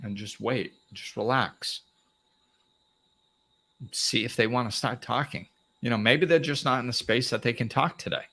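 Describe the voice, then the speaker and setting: This host of a live motivational talk has a medium-pitched voice, a moderate pace, and frequent pauses. He's plain-spoken and animated, playing out short dialogues for the audience.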